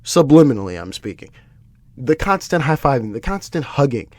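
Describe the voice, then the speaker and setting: A man's voice: medium pitch, big pitch swings, normal speed, darkish tone, no room sound. A man hosting a solo podcast, ranting with exasperation, swearing and often restarting his sentences. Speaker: podcast host. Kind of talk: solo MMA podcast commentary.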